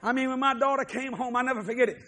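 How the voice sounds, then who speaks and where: High-voiced Cajun preacher, shouting then chuckling. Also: male voice, fairly even intonation, rapid-fire. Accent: Cajun, Louisiana. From New Orleans, Louisiana. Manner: shouts emphatic lines, then drops low and chuckles through stories. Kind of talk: sermon with humorous storytelling.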